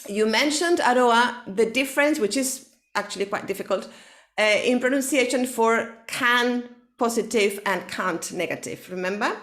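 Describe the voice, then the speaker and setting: A woman's voice: a little high, moderate pace, a bit bright. Spanish-speaking woman teaching english one on one, explains patiently, keeps asking okay?, drops into spanish now and then. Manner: frequent checking "okay?". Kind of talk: online one-to-one English lesson.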